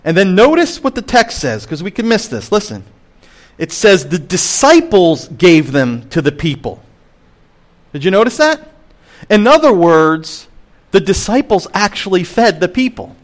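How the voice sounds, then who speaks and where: A middle-aged man, a pastor, preaching a sermon with emphatic rises and hushed drops. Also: high-pitched, normal speed. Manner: expressive, swings between emphatic and hushed.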